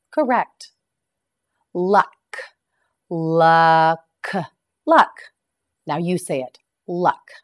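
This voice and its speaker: Slow, deliberate woman teaching vocabulary. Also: on the low side, darkish tone. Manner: repeats words clearly and praises the learner.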